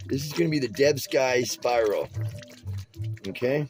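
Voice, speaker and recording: At a measured pace, a man with a mid-range, darkish voice tells rambling stories while showing how to tie-dye a shirt. His casual, streetwise talk often restarts and drifts, heard over soft background music in a low-quality recording.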